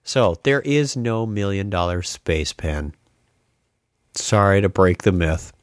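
A man's voice: deep voice, lively intonation, slow pace. A man hosting a podcast in casual chat, joking and ranting. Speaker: podcast host.

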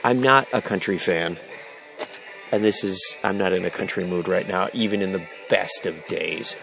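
A middle-aged man with a low, gravelly voice speaks at normal speed over music, telling a casual vlog story about a mix-up at home. Stressed and tired, he's exasperated, wry and self-deprecating, recording on a handheld phone as he walks through an indoor storage warehouse.

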